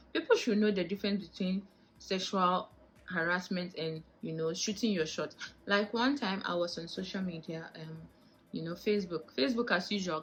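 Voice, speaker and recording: Speaking directly to camera in a casual vlog, a young woman with a Ghanaian English accent is animated and indignant, rattling off rhetorical questions. Her voice is mid-range and the audio is poor.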